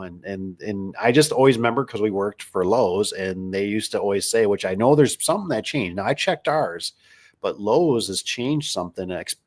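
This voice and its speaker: A man hosting a casual livestream, rambling through stories with lots of fillers and restarts while reading viewer comments. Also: on the low side. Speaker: livestream host, garage door business owner.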